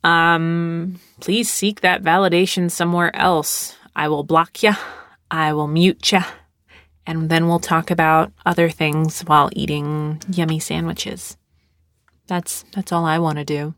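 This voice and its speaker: A woman's voice: deep voice, level tone, a little slow, fairly bright tone, dry recording, clean studio sound. A young adult woman hosting a podcast, talking casually in a rambling, sarcastic way with lots of fillers. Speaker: podcast host. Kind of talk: casual solo podcast talk.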